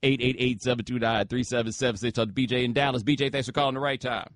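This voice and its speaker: A man's voice: medium pitch, fairly even intonation, quick pace, no room sound. A man hosting a sports talk radio show from a studio, taking callers in a loose, joking way with slangy asides. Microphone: studio microphone.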